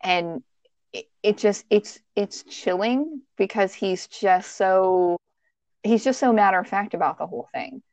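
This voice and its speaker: A woman's voice: medium pitch, a little slow, darkish tone, no echo. A woman hosting a podcast, telling a true-crime story in a casual, conversational way with frequent restarts and fillers. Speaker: podcast host.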